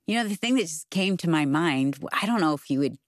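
Lively woman co-host with a low voice. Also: fast talker, no echo, clean studio sound. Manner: animated, acts out her own story. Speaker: radio show co-host. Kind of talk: casual storytelling chat.

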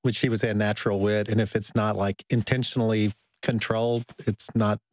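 A man's voice: lowish voice, little pitch movement, a little fast, no echo. A man in his forties, a guest author and lawyer, telling his side of a marriage story with self-deprecating humor. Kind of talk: storytelling in an interview.

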